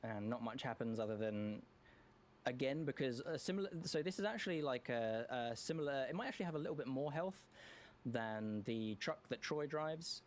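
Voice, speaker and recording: A man's voice: mid-range voice, slight background noise. A man giving live speedrun commentary in a chatty way, often correcting himself and joking. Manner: chatty, self-correcting, quick jokes and laughs.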